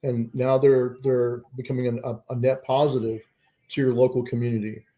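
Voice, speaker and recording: Man, talk show guest, mellow dark tone, measured delivery, calm disagreement. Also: medium pitch. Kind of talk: political talk show discussion.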